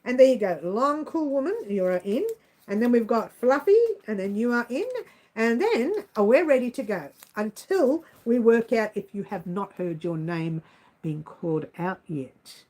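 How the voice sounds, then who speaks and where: A woman hosting a casual livestream, chatting to her viewers by name in an animated way. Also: a little high, normal speed, rough recording. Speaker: livestream host.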